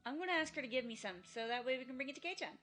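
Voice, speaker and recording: A woman's voice: sits high, lively intonation, very fast, a bit bright, faint music behind. A woman voicing an outspoken, caring teenage girl in a visual novel fan dub. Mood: cheerful. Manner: earnest, rousing. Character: teenage girl, bold, warm-hearted club leader.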